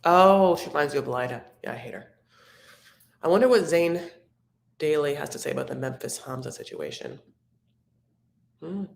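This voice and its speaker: A woman's voice: deep voice, normal speed, vocal fry, long pauses. A woman hosting a live recap stream, chatting casually and rambling fondly to her viewers. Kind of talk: casual chat reading viewer comments. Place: home room. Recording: roomy echo.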